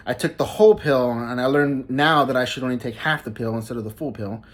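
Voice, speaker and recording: Guy vlogging, casual, keeps repeating words, laughs here and there. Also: mid-range voice. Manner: halting, repeats words often, laughs mid-sentence. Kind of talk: casual vlog storytelling.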